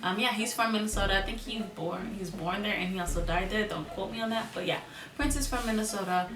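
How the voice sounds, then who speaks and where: A woman's voice: medium pitch, quick pace. Young female vlogger from Miami, jokey, repeats words for emphasis; slightly distant mic with a roomy echo. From Miami, United States. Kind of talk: casual vlog talk to camera. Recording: roomy echo, a bit off mic, music behind.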